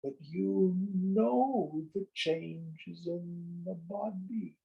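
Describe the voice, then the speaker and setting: A man teaching a spiritual study group, unhurried and deliberate. His voice sits slightly high for a man and has a gravelly, creaky texture. He sometimes acts out small dialogues to make his points. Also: narrow, tinny audio.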